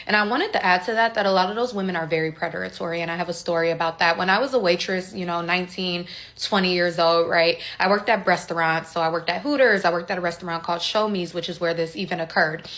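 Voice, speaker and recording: A woman's voice: on the low side, fairly even intonation, fast talker, a bit bright. A young woman casually telling a personal story, candid and conversational, acting out quoted dialogue as she goes.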